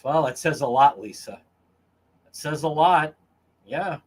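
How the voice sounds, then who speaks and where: A man's voice: on the high side, lively intonation, a little slow. A man hosting a casual livestream, crude and mocking as he reads comments from chat. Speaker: livestream host.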